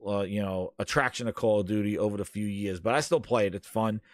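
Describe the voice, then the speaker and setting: A man co-hosting a casual gaming podcast, ranting in an animated way and often talking over his co-host. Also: lowish voice, fast talker, no echo.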